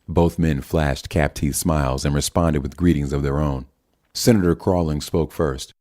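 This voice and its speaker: A male narrator reads the story in a steady, measured way. His voice sits low and dark, mellow rather than bright. The delivery is unhurried and plain. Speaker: audiobook narrator. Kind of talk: scripted audiobook narration.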